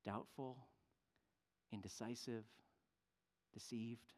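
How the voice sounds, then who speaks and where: A man preaching a sermon, telling a story with animated voices for the people in it. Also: mid-range voice, slow. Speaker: pastor. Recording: long hall reverb.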